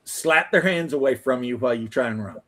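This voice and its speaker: A man's voice: mid-range voice, brisk, a loud crowd. A man in casual chat, talking loosely with lots of fillers. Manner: loose, rambling, filler-heavy talk.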